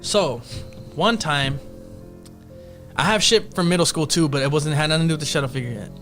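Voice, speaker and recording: A man's voice: a little high, a little fast, fairly bright tone, soft background music. A man casually telling a ghost story on a podcast, profane and slangy, acting out the other people's lines. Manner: profane, slangy, acts out quotes in voices.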